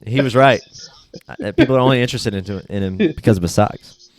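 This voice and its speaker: A young man hosting a casual podcast, laid-back and blunt, swearing freely and getting animated when he retells stories. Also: mid-range voice, fairly quick. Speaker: podcast host. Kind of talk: casual chat.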